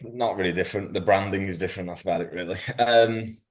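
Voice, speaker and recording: A man talking casually as a podcast guest. His voice sits fairly low, and he gets carried away, peppering his chat with slang and swearing. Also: quick pace. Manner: excitable, swearing, slangy banter. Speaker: guest, bodybuilding prep coach.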